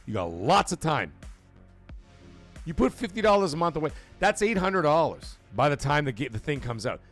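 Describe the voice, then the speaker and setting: A man's voice: a little high, sing-song, moderate pace, fairly bright tone, faint music behind. A man hosting a casual live gaming stream, blunt and profane, talking straight to his chat. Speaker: livestream show host.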